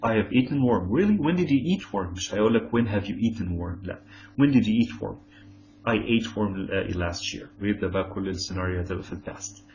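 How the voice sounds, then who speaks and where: A man with an Egyptian Arabic accent teaching English grammar, saying example sentences slowly and explaining quickly in between. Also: fairly low pitch, lively intonation, darkish tone. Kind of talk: bilingual grammar lesson. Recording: slightly dull lo-fi audio with faint hum.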